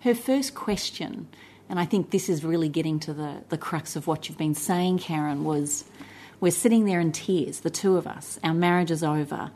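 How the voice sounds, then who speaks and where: A woman's voice: sits low, moderate pace, dark tone, a little hiss or hum. A middle-aged woman, an interview guest, telling a personal story in an earnest, reflective way, often building lists of short phrases.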